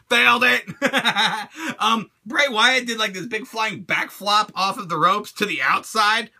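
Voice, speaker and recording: A man hosting his own channel, reviewing a wrestling show in an animated, crude rant full of swearing and laughter. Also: extremely high pitch.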